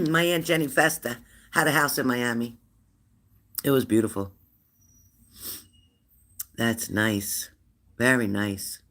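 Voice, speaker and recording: A woman in her fifties hosting a live stream, chatting warmly and laughing as she reads out viewers' comments. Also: rumbling low, lively intonation, takes it slowly, long pauses. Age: 50s. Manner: chatty and affectionate, laughs often, answers comments aloud. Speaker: livestream host of a spirit-messages channel.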